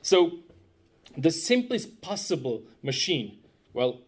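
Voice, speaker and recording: A man's voice: fairly high pitch, sing-song, slow pace, breathy edge. A man presenting a technical conference talk, conversational and self-deprecating, often asking the audience questions. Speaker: conference speaker, web developer.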